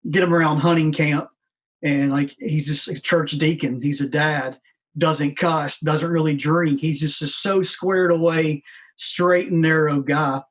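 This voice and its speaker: A man talking as a podcast guest in a relaxed, laid-back way, full of casual fillers. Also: a little high, measured pace. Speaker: guest, founder of a veterans' nonprofit.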